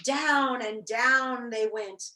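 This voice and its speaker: A woman reading a children's book aloud to kids, animated and teacherly, with chatty asides. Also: a little high, drawn-out words, reverberant. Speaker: storybook reader.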